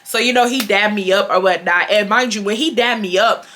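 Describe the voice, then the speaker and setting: A woman, telling a casual storytime in a chatty, filler-heavy, animated way. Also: mid-range voice, fairly quick, slight background noise. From Houston, Texas. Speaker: YouTuber.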